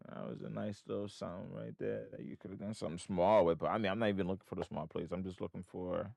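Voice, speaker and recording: A man's voice: low-pitched, steady tone, fast, gravelly, a little mellow, no room sound, studio quality. A man hosting a live trading stream from home, thinking aloud in casual, rambling commentary. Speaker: livestream trading host. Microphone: desk microphone, wearing headphones.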